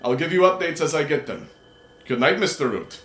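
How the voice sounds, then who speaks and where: A man's voice: a little high, animated, a little fast, fairly bright tone, voice pushed up. A man voicing a cold, commanding half-human tigress woman who leads a party, speaking curtly. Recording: roomy echo.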